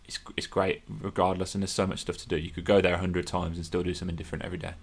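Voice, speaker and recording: Male podcast host, deep voice. Friendly, upbeat, reads listener questions. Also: little pitch movement, rapid-fire, gravelly, slightly rough. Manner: friendly, upbeat, says "mate". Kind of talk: casual podcast chat.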